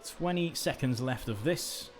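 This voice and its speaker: A man's voice: medium pitch, animated, measured pace, a little hiss or hum. A man hosting live esports commentary in a chatty, rambling way and poking fun at himself. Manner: chatty, rambling, self-deprecating. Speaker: host commentator.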